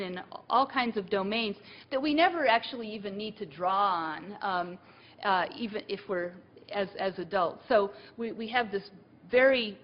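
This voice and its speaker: A woman's voice: mid-range voice, highs cut off. A woman giving a university lecture, thinking aloud with many fillers and restarts.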